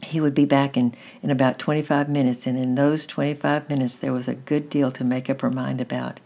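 A woman gently reading a children's story aloud at an unhurried pace. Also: rumbling low, flat delivery, gravelly.

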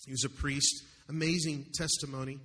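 Man, pastor, impassioned sermon, bright tone, long hall reverb. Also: on the high side, level tone, normal speed. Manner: impassioned, emphatic preaching. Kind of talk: sermon with read-aloud story.

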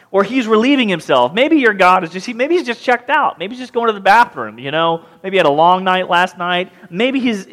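A man preaching a sermon as pastor, reading scripture and acting out scenes with mocking, lively voices. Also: on the high side. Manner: animated, mocking voices when retelling the story.

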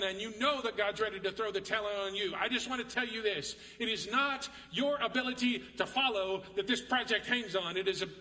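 A man's voice: high-pitched, sharp tone. A man with a Texan accent preaching a sermon as pastor, earnest and repeating key phrases for emphasis, in a church sanctuary. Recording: echoey hall from far off.

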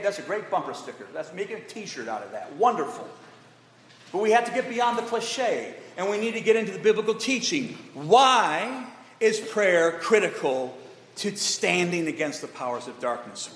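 High-voiced guy preaching hard in an echoey church hall, keeps asking the room questions. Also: a bit bright. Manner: emphatic, asks the congregation questions. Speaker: pastor. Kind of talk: sermon. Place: church sanctuary.

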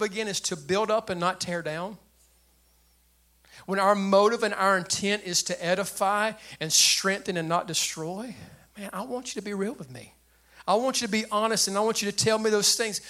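An older man preaching with a high voice that sits well above most men's. His tone is bright and forceful, and he talks in a lively, plain way to his congregation. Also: normal speed. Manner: animated preacher with a light, high voice and plain speech. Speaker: pastor. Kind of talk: sermon.

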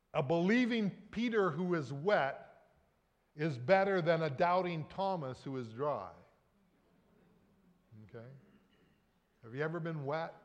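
A man preaching a sermon, emphatic, swelling and dropping his loudness for effect. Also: on the high side, lo-fi sound. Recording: long reverb of a large hall.

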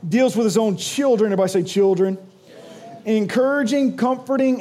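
High-voiced man preaching a sermon. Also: a little mellow. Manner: storytelling with jokes, asks congregation to respond. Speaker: pastor.

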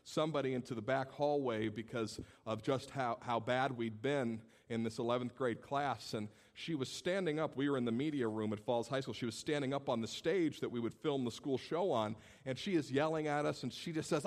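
A pastor delivers a sermon in an animated storytelling manner. His voice sits at an ordinary male pitch, and he acts out the people in his stories. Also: brisk, few pauses.

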